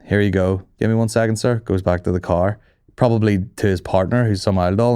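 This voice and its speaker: A man, a comedy podcast host telling stories in a profane, animated way and acting out the other voices. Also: on the low side, moderate pace, smooth, no echo, clean studio sound. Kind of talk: casual storytelling chat.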